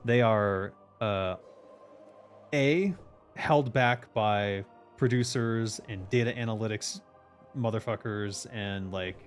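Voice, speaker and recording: A man's voice: fairly low pitch, takes it slowly, faint music behind. A man hosting a casual stream chat as a game designer, ranting emphatically with lots of swearing.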